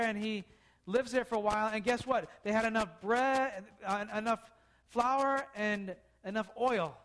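Brief: a high-voiced male preacher, chatty storytelling sermon, asks the room questions. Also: fairly bright tone. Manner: conversational, asks the listeners questions.

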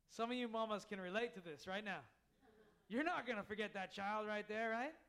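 High-voiced earnest preaching man. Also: a little fast, fairly bright tone, clear, resonant tone. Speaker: pastor. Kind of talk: sermon. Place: church.

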